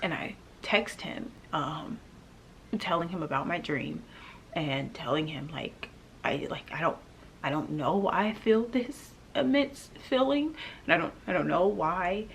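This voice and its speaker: A young adult woman telling a painful personal story to camera, halting and emotional, with pauses and restarts. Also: on the low side, animated, gravelly, a little hiss or hum. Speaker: vlogger.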